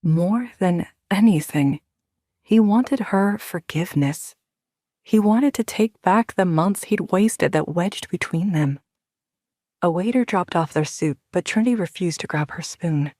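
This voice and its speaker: A woman narrating a romance audio drama in a measured, even storytelling voice into a close studio mic. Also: fairly low pitch, no room sound. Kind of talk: scripted narration.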